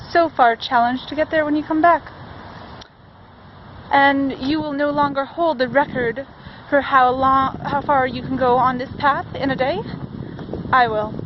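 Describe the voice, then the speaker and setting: A woman's voice: high voice, fairly even intonation, normal speed, a little hiss or hum, close to an everyday voice. A woman playing an earnest young male teacher and pilot's fiance, talking wistfully to his absent partner in a cosplay vlog. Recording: dull lo-fi camera audio.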